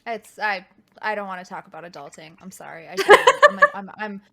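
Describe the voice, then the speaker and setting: A woman's voice: mid-range voice, very animated, a little fast, gravelly, noisy background. A woman co-hosting a podcast in casual chat, blunt and emphatic, with casual swearing. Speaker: podcast co-host.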